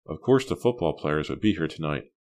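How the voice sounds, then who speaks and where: A male audiobook narrator reading in a steady, measured way. His voice is extremely low and deep. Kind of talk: scripted narration.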